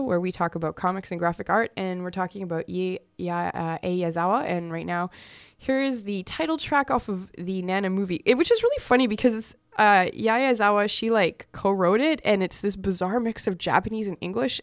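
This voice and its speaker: A woman's voice: medium pitch, fairly quick, no room sound, clean studio sound. A woman hosting a radio show about comics, chatting casually and enthusiastically with fillers and restarts.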